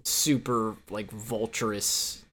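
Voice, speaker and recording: A man's voice: lowish voice, flat delivery, slow pace, fairly bright tone. A man co-hosting a casual movie podcast, blunt and profane, retelling scenes with laughs. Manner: blunt, swears, laughs between lines. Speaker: podcast co-host.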